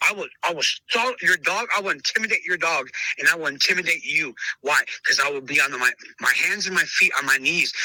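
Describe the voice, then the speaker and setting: Man, casual interview, emphatic and repetitive, fairly high voice, hard sharp tone. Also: dry recording, poor audio. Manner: emphatic, repeats himself, calls listener brother. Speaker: podcast host interviewed as dog trainer.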